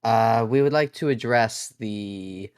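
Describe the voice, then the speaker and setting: A man playing a tabletop role-playing game, talking in a wry, drawn-out way. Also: mid-range voice, a little mellow, clean tone, dry recording. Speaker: player.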